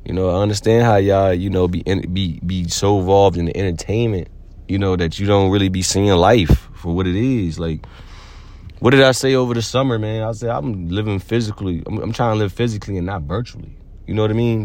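Low-voiced man giving a loose slangy pep talk. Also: a little mellow. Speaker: podcast host. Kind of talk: casual motivational monologue.

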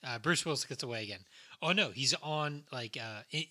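A man's voice: mid-range voice, fairly quick, bright, forceful tone. A man co-hosting a casual movie podcast, rambling and swearing freely as he retells film scenes. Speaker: podcast co-host.

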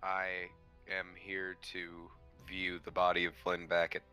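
A man's voice: sits low, completely flat delivery, unhurried, sharp tone, clean tone, faint music behind. A man playing in a tabletop game, dry and matter-of-fact. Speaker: player. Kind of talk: casual tabletop play.

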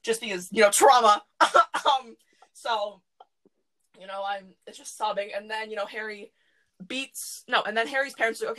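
A woman hosting a podcast from her closet, chatting casually and rambling excitedly with lots of fillers. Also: mid-range voice, normal speed, low-quality recording. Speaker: podcast host. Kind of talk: casual chat.

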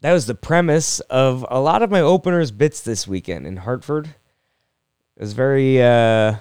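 A man's voice: mid-range voice, expressive, normal speed, clear, resonant tone, no room sound, clean studio sound. A young adult man, a comedian, talking through a rambling, self-deprecating solo podcast monologue full of jokes and restarts.

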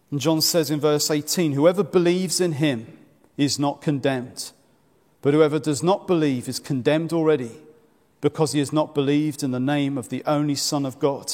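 A man preaching a sermon in earnest, measured tones, asking the congregation direct questions. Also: on the high side, darkish tone. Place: church. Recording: long church reverb.

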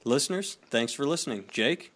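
A man's voice: mid-range voice, animated, normal speed, fairly bright tone. A man hosting a podcast, chatting casually with dry sarcastic humor. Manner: reads aloud, then chats with dry sarcasm. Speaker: podcast host.

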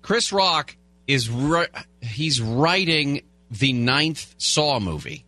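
A man's voice: mid-range voice, animated, very slow, sharp tone, dry recording. A man hosting a talk radio show, chatting casually and reading headlines with rambling asides. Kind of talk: talk radio chat and news rundown. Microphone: studio broadcast mic.

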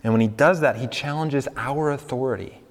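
A man's voice: medium pitch, brisk. Young man preaching casually to a congregation, talks with them, in a reverberant hall. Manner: conversational, asks the congregation questions, laughs along. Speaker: pastor. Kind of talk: sermon.

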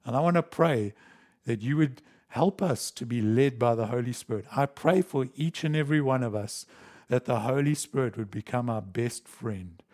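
Male preacher, mid-pitched, storytelling sermon voice, livens up for quoted lines, prays softly at the end. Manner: storytelling, acts out quoted lines with rising emotion. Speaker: pastor. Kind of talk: sermon to a live stream. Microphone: live stream.

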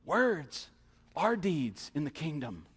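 A male pastor preaching a sermon in a church, emphatic, with rhetorical questions and quick acted-out asides. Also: a little high, sing-song, husky. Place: church hall. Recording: long hall reverb.

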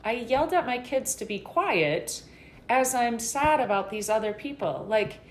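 A woman's voice: on the high side, lively intonation, a little slow, reverberant, a little hiss or hum. A middle-aged woman guest talking candidly in a casual interview, rambling a little with fillers.

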